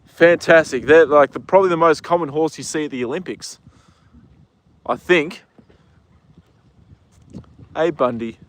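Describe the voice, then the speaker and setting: A man's voice: fairly high pitch, measured pace, long pauses. An Australian man hosting a casual live stream outdoors at a horse paddock, chatting easily to his horse and his viewers. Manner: easygoing, chats to his horse and reads viewer comments. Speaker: livestream host.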